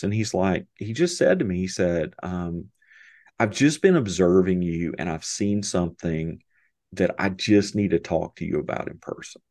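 Deep-voiced man telling an emotional story. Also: expressive, a little mellow, no room sound, studio quality. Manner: halting, many restarts and fillers, emotional, laughs often. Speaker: podcast guest. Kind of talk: conversational storytelling.

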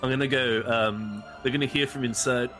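A man's voice: mid-range voice, fairly even intonation, brisk, sharp tone, soft background music. Playful man at a game table. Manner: playful, laughing, hammy in character. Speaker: player.

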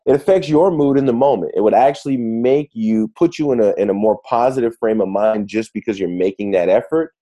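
A man being interviewed as an author, talking in a lively way and often restarting his phrases. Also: fairly low pitch, a little fast, few pauses. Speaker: guest author. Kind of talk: conversational interview.

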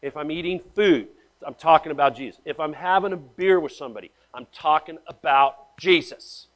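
A man preaching a sermon as pastor, blunt and slangy, swinging between hushed asides and loud emphasis as he tells stories. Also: fairly high pitch, normal speed. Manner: blunt, slangy, calls listeners man and guys.

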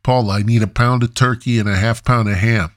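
A man's voice: medium pitch, steady tone, a little fast, no room sound, studio quality, pitched above the performer's own voice, close to an everyday voice. A man voicing a pushy, fussy male deli customer in a poorly done Italian accent.

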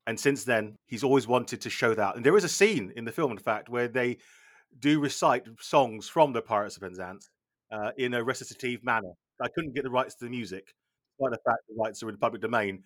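A man in a mid-pitched voice, playing a film director as a guest on a comedy podcast. He rambles in a deadpan way and trips over his words. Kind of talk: comic chat in character.

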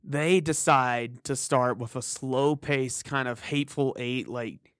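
A man co-hosting a podcast in relaxed, rambling chat, often breaking off and restarting his thoughts. His voice sits at an everyday middle pitch. The sound is dry and close, with no room around it. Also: takes it slowly, no echo. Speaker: podcast co-host. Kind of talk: casual chat about a video game.

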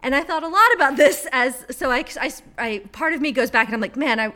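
A woman co-hosting a casual talk about books and poems, with a high, bright voice that swings widely in pitch. She is animated, laughs often and acts out the lines she quotes. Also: fast. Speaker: podcast co-host.

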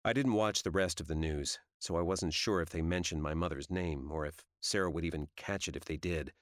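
Deep-voiced man narrating an audiobook. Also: a little fast, no room sound, clean studio sound. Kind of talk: first-person audiobook narration.

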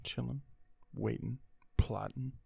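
A man's voice: mid-range voice, steady tone, slow pace, vocal fry, mellow, breathy edge, no echo. Laid-back man in casual chat. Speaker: podcast co-host.

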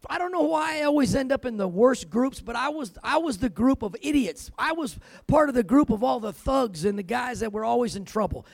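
A man's voice: extremely high pitch, expressive, a little fast, vocal fry, no echo. A man preaching a sermon, telling his own story with emphasis and dropping in "amen" and "man" as he goes. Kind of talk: sermon with personal testimony.

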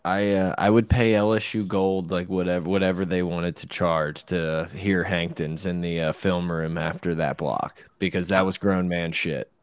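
A man hosting a podcast, chatting casually about sports in an excitable, profane way. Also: low voice, moderate pace, few pauses, smooth, dry recording.

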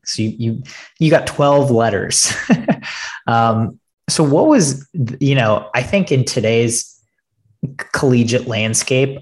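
A man hosting a podcast interview, mid-pitched and easygoing. He laughs often and sets up his questions with context for listeners. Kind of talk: casual interview.

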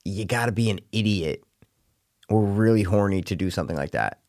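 Young male co-host, rapid delivery, blunt crude banter. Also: lowish voice, a little mellow. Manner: blunt, crude, says dude a lot. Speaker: podcast co-host. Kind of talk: casual chat.

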